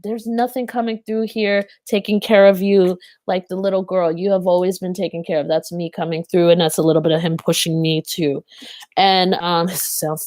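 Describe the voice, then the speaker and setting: A woman reading tarot cards to camera, taking her time and halting often with fillers. Her voice sits a little low, and the sound is close and dry with no room echo. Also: steady tone. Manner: halting, full of fillers, earnest. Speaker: tarot card reader.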